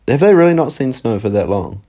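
Young kiwi guy, talks real fast, low mellow voice, jokey and sweary. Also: animated. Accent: New Zealand. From New Zealand. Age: young adult. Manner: quick, joking, swears casually. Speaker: podcast co-host. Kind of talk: casual chat.

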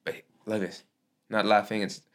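A man with a lowish voice hosting a relaxed chat in English. His first language is Arabic, and he speaks in halting bursts, stopping to hunt for the right word. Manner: halting, searches for English words. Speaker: podcast host. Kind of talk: casual conversation.

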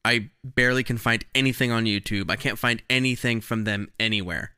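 A man's voice: medium pitch, fairly quick, bright, forceful tone, smooth, no room sound, clean studio sound. A man co-hosting a music podcast, telling a rambling, enthusiastic story in casual chat on a podcast mic. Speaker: podcast co-host. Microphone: podcast microphone.

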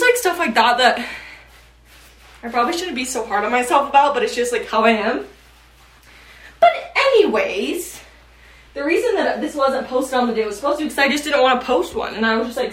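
A woman's voice: fairly high pitch, fairly bright tone. A young woman in her late teens, chatting casually as a podcast host and rambling with lots of fillers. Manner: chatty, meandering, frequent fillers. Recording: echoey room, mic at a distance.

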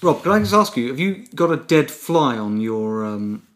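A man's voice: mid-range voice, sing-song, normal speed. A man co-hosting a comedy podcast, teasing his co-host and reacting in disbelief to the stories. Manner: teasing, incredulous, playful. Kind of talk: casual comedic chat.

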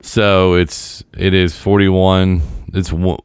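A man in his forties in casual chat, talking haltingly and trailing off and restarting. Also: low voice, little pitch movement, smooth, no echo, studio quality. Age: 40s. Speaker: friend, recent hospital patient.

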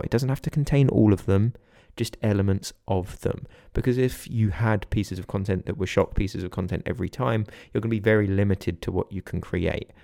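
Man, podcast host, low voice, gravelly, dark tone, earnest teaching manner. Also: no echo, clean studio sound. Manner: earnest, instructive, steady delivery. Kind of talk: solo podcast monologue.

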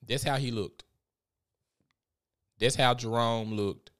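Male vlogger, mid-pitched, chatty and profane, animated storytelling commentary. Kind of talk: casual commentary.

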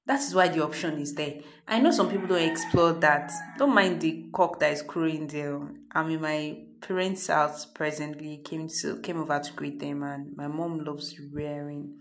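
A Nigerian woman hosting her own podcast, talking in a chatty, freewheeling, unedited monologue from her parents' home. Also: deep voice. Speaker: podcast host.

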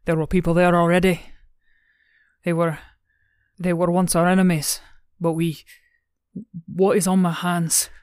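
A woman's voice: fairly low pitch, little pitch movement, darkish tone, smooth, no echo, studio quality, close to an everyday voice. A woman voicing a frightened, stammering young man. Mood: fearful. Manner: halting, stammering, fearful.

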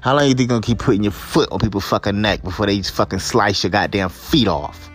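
A man's voice: lowish voice, fast. A young man hosting a podcast, ranting in an angry, exasperated and profane way. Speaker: podcast host. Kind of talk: angry commentary rant.

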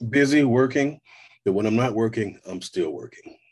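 A man's voice: fairly low pitch, moderate pace, distant mic. A man, a voice actor, chatting casually in an interview, telling stories with plenty of fillers. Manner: relaxed, rambling storyteller with fillers. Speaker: voice actor guest.

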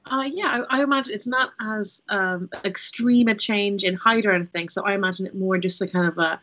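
A woman's voice: mid-range voice, brisk, fairly bright tone, poor audio. A woman playing in a tabletop game, hedging and giggling as she chats casually. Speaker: player. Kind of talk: casual chat.

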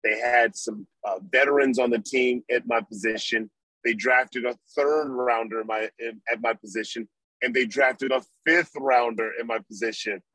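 A man's voice: medium pitch, moderate pace, no echo, low-quality recording. A middle-aged man, a former pro football player, telling a long story in an interview and acting out what he was thinking back then. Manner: animated storyteller, acts out his own past thoughts.

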